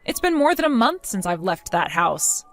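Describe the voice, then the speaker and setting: A woman voicing a fed-up young wife who answers her mother-in-law with mocking sarcasm, in an animated story drama. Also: medium pitch, moderate pace, faint music behind. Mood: dismissive.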